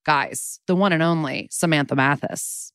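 A woman co-hosting a podcast, excitable and quick to swear, introducing a guest with enthusiasm. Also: low-pitched, smooth, dry recording, studio quality. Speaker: podcast co-host. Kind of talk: casual chat.

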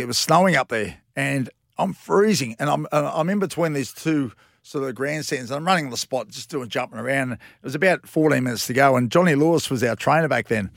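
A gravelly-voiced Australian man in his fifties spins long, slangy stories from his playing days. His voice sits at an average pitch with a rough, fry-laden edge. The sound is close and dry, with no room around it. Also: fairly bright tone, no echo. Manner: rambling anecdotes, blokey slang. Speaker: former rugby league player, guest. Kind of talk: casual storytelling interview.

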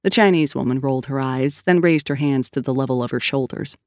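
A man narrating an audiobook in a steady storytelling read on a close studio mic. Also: mid-range voice, brisk, no room sound. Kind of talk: scripted narration.

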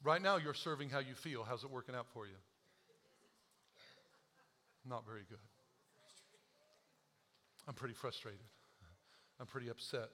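A man preaching a sermon as pastor, joking at himself and moving from quiet confession to loud urging. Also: medium pitch. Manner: animated, self-deprecating humor, swings from quiet confession to shouting; quotes scripture slowly.

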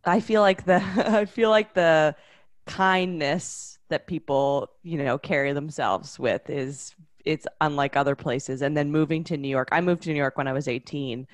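A woman's voice: deep voice, moderate pace. A woman from Vancouver, an earnest co-host who rambles and laughs in casual podcast chat.

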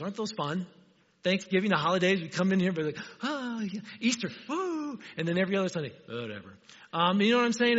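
Chatty, joking male pastor; husky, fairly high voice; muffled, lo-fi recording. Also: a bit bright. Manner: conversational, asks the congregation questions, joking. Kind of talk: sermon. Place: church sanctuary. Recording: dull, reverberant church hall.

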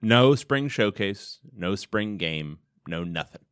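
A man's voice: fairly low pitch, lively intonation, slow pace, a bit bright, smooth. A man in his thirties co-hosting a podcast in a studio, with dry, wry humor. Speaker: podcast co-host. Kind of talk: casual podcast chat.

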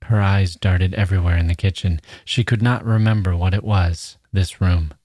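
A man hosting a podcast, reading a short story aloud in a measured, steady way. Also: sits low, no room sound, studio quality. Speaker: podcast host.

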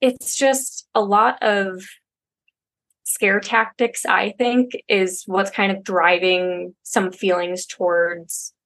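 Relaxed young woman on a podcast. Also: medium pitch, takes it slowly. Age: young adult. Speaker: podcast guest. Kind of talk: casual interview talk.

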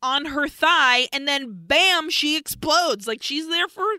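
A woman co-hosting a podcast, recapping a horror film in a profane, animated, casual way. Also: high voice, a little slow, dry recording. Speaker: podcast co-host.

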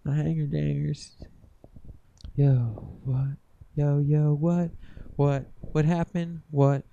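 A man's voice: on the high side, level tone, takes it slowly, vocal fry, warm tone, muffled recording, a little hiss or hum. A young man co-hosting a podcast in casual chat, joking around with goofy wordplay and laughing often. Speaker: podcast co-host.

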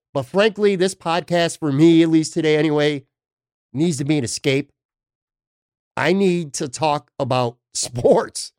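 A man's voice: fairly high pitch, dry recording, clean studio sound. A man hosting a sports podcast, talking in a blunt, emphatic, casual way with the odd swear word. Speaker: podcast host.

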